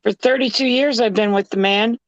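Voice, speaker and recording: A woman's voice: on the high side, fairly quick, highs cut off. A woman in her fifties from Michigan, talking matter-of-factly and telling stories in a casual late-night group chat. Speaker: chat participant.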